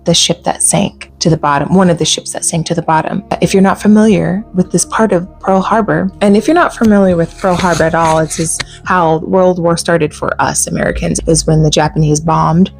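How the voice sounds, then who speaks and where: A woman hosting a casual solo podcast, chatty and animated, laughing often and saying "like" a lot. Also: on the low side, fairly quick, creaky, hardly any pauses, soft background music. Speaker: podcast host. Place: home.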